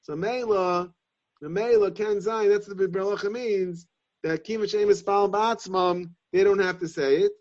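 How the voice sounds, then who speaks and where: A man's voice: sits high, steady tone, darkish tone. Man teaching a style class. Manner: halting, repeats phrases while reasoning. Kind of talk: Talmudic lesson, thinking aloud. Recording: dull lo-fi sound.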